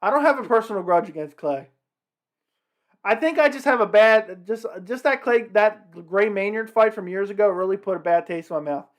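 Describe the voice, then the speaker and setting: Speaking at a normal speed in a high voice, this livestream host keeps things casual. He comments on a fight and talks with his viewers, responding chattily to the action and the chat alike.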